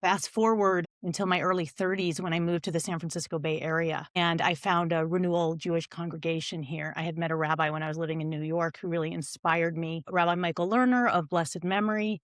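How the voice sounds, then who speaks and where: A middle-aged woman speaks from home as a podcast guest. She tells her story in an earnest, reflective way, her voice somewhat low in pitch. The sound is dry and close to the mic. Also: steady tone, brisk, few pauses, no room sound. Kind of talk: podcast interview.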